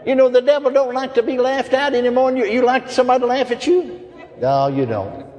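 A man's voice: very high-pitched, lively intonation, normal speed, long pauses, a little mellow. A man preaching a sermon, telling folksy stories, chuckling often and asking the crowd for amens. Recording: long hall reverb.

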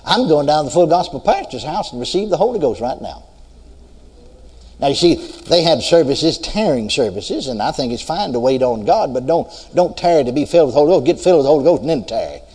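A man's voice: fairly high pitch, animated, a little fast, a little mellow, slightly rough, in a large hall. A man preaching a sermon, telling his story and quoting scripture in a swinging preaching cadence.

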